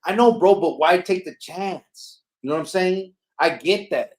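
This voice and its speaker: A man's voice: high voice, normal speed, darkish tone. A man hosting a podcast, making his point with emphatic rhetorical questions. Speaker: podcast host. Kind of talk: casual chat.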